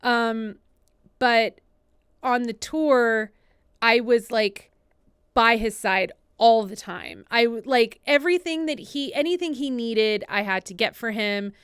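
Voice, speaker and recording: Woman guest, 30s, chatty storyteller, smooth higher voice, dry close sound. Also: slow pace, dry recording. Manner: chatty, many "like" fillers, animated retellings. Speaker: podcast co-host and assistant, guest. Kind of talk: casual interview storytelling.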